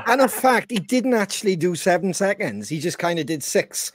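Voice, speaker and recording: A man's voice: high-pitched, big pitch swings, moderate pace, no room sound, clean studio sound. A man hosting a podcast, teasing his co-host in chatty banter.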